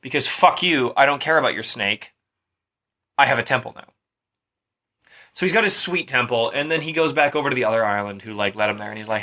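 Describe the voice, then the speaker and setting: A man's voice: mid-range voice, fairly quick, pauses often, sharp tone. Drunk young man rambling through myth. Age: young adult. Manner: profane, rambling, laid-back retelling. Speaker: storyteller. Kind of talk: tipsy casual retelling of Greek myth.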